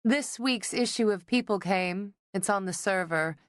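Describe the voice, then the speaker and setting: A woman voicing a smooth, teasing young artist. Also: measured pace, dry recording, natural voice. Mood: cool teasing. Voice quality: low and smooth. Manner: dry, teasing, unbothered. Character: sly, poised young woman, an artist daughter. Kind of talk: audiobook character voice.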